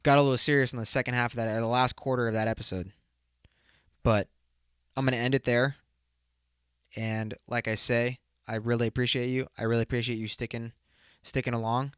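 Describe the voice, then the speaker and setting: A man's voice: mid-range voice, little pitch movement, fairly quick, pauses often, fairly bright tone, clean tone, no room sound, studio quality. Profane, rambling young podcast guy. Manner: loose, profane, bro-ish and rambling. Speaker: podcast host. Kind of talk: casual solo podcast talk.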